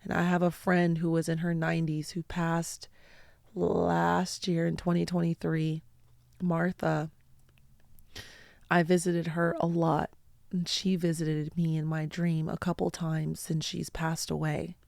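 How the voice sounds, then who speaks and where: A woman hosts her own show and tells personal stories with earnest, heartfelt sincerity. Her voice sits a little low and carries a gravelly, fry-tinged texture. She speaks slowly and deliberately, and the sound is close and dry. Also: monotone, a little mellow, no room sound. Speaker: podcast host. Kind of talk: personal storytelling talk.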